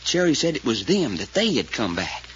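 A man's voice: medium pitch, sing-song, moderate pace, fairly bright tone. An actor playing a folksy male sidekick who recounts events in a drawl with rural grammar, in 1940s radio acting style. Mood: earnest. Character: folksy adult male sidekick telling what he saw. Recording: lo-fi old radio recording with faint hiss.

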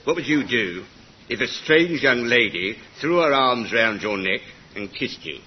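Guy as a brisk no-nonsense army sergeant, dull old lo-fi recording. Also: mid-range voice, animated, natural voice. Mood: stern. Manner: brisk, clipped and stern. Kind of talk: comedy sketch acting. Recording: dull lo-fi recording with faint hiss.

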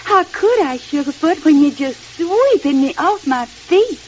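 An actress voicing a naive young Southern belle with a sugary drawl and a Southern US accent, in 1940s radio comedy style. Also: female voice, high-pitched, lively intonation, a little slow, darkish tone. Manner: sugary, wide-eyed drawl. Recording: dull old radio recording with faint hiss.

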